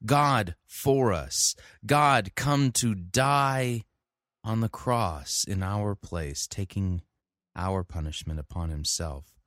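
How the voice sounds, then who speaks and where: A man giving critical commentary on a sermon, reading scripture passages and explaining them in a measured way. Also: sits low, a bit bright, no room sound, studio quality.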